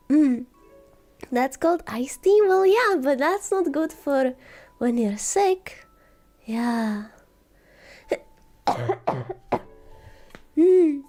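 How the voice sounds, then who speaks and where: A woman streamer chatting casually in a soft, slow, cozy way while sick with a scratchy, sore throat. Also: high-pitched, animated. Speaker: vtuber streamer. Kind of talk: casual chat.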